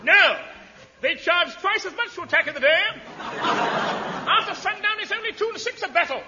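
Pompous old admiral, sputtering, bumbling, 1950s radio comedy, very high pitch, muffled old broadcast sound. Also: male voice, animated, moderate pace, big-room sound. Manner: sputtering, bumbling, repeats "what" in bursts. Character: blustering pompous old male navy admiral. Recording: dull old radio recording, loud audience laughter and hiss.

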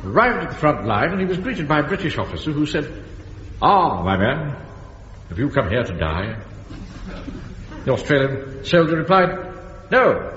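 An actor playing a pompous, self-important middle-aged officer in a radio comedy. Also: male voice, on the high side, big pitch swings, normal speed, long pauses, fairly bright tone, a little hiss or hum. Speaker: comedy character. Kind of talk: 1970s radio sitcom acting. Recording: roomy lo-fi studio recording with audience.

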